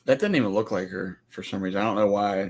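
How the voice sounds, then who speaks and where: A man's voice: on the low side, fast talker. A man co-hosting a casual livestream, guessing along and asking short questions. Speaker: co-host. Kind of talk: casual chat.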